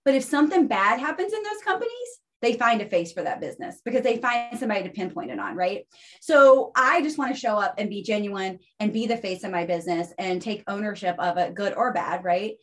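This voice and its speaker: A woman's voice: medium pitch, brisk. Chatty woman telling her story. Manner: animated storyteller, often tags "right?". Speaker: podcast guest. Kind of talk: casual interview chat.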